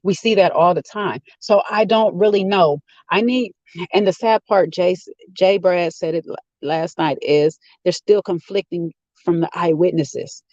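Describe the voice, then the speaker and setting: A man's voice: high-pitched, a little slow, a little mellow, no room sound, muffled recording. A man giving a rambling, opinionated casual rant while sitting in a car. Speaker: vlogger. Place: inside a car.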